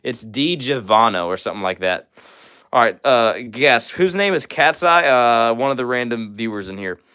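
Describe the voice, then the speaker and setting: A young man from Missouri hosting a livestream, rapidly reading and answering viewer comments with lots of fillers. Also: mid-range voice, expressive, bright, forceful tone, smooth. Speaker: livestream host. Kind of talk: fast live chat reading.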